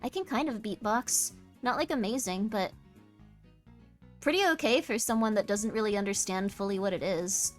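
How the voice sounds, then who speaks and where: A tired young woman streaming, chatting casually with her viewers and squealing into high notes when something excites her. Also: normal speed, soft background music. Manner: bubbly, jumps to squeaky highs when excited. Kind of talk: casual live-stream chat.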